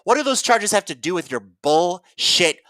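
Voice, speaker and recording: A man's voice: sits high, expressive, moderate pace, pushed and bright, no room sound. Angry ranting man, dry sound. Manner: ranting, profane, repeatedly addresses viewers as guys. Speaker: video commentator. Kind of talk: heated political commentary vlog.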